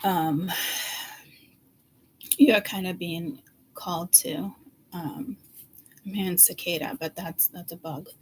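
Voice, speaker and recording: A woman's voice: on the low side, fairly even intonation, takes it slowly, long pauses, a little hiss or hum, low-quality recording. A middle-aged woman doing a casual, rambling tarot reading, chatty and blunt, swearing freely as she talks. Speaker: psychic tarot reader.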